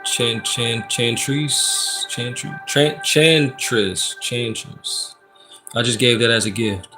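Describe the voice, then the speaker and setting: A man doing a casual live-stream tarot reading, laid-back and slangy, reading out the chat and giving shout-outs. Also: medium pitch, takes it slowly. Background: background music.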